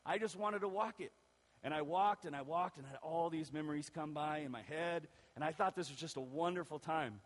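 A male pastor telling a personal story in a sermon, lively and acting out the voices of the people in it. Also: fairly high pitch, fairly quick. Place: church. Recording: long reverb of a church hall.

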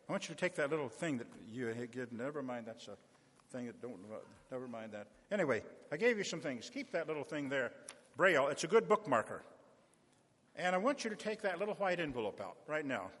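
A visiting pastor with a slightly high, husky voice preaches briskly and very animatedly in a church sanctuary with long reverb. He makes a folksy fundraising appeal to the congregation, mixing little stories with direct requests.

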